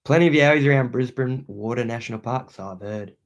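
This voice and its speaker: A man's voice: mid-range voice, fast talker. A young Australian man hosting a livestream from a room at home, reading viewer comments aloud and thanking them in laid-back slang. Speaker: outdoor channel host.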